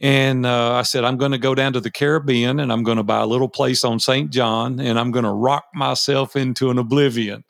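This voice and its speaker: A man in his fifties, a guest telling personal stories in a folksy, animated way, acting out past conversations. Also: mid-range voice, brisk, gravelly, few pauses, no room sound, clean studio sound. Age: 50s. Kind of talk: interview storytelling.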